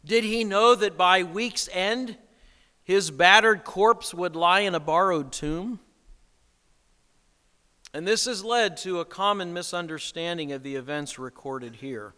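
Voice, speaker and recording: Slow, bright-voiced preacher in a reverberant hall. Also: male voice, high voice, clean tone. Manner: rhetorical questions, emphatic preaching. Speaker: pastor. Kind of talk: sermon.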